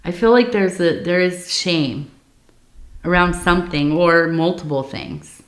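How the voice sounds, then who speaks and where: Woman reader, gentle and musing, unhurried delivery, recorded in an echoey room. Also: lowish voice. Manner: soft, reflective, meandering with many fillers. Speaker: tea leaf reader. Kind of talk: intimate spoken reading. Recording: roomy echo.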